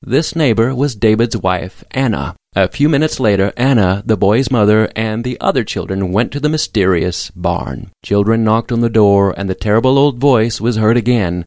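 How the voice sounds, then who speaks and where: A man narrating a simple storybook in a plain, measured reading style. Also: on the low side, a little mellow, no room sound, studio quality. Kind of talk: scripted audiobook narration.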